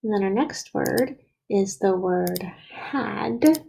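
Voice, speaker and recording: A woman teacher guides young children through writing a sentence, spelling and sounding out each word with care. Her voice is mellow and slightly gravelly, and she speaks slowly and deliberately. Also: mid-range voice, poor audio. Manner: slow, patient, sounds out words and letters.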